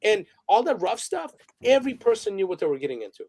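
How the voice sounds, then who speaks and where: Talking fast in a sing-song, fairly high voice with a darkish tone, a photographer and director rambles through stories as a guest in a casual interview. He curses often, starts his sentences over and laughs along the way.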